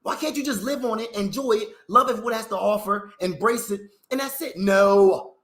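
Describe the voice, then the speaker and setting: A man's voice: sits high, normal speed. A man ranting in a rambling, profane vlog monologue, full of slang and rhetorical questions. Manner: animated, swearing, heavy slang, rhetorical questions. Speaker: vlogger. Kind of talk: profane, rambling opinion rant. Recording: roomy echo.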